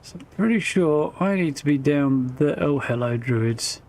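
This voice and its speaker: A man's voice: a little high, expressive, measured pace, a little mellow. Wry man streaming a game. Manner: wry, chatty, self-mocking. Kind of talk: casual live gameplay commentary.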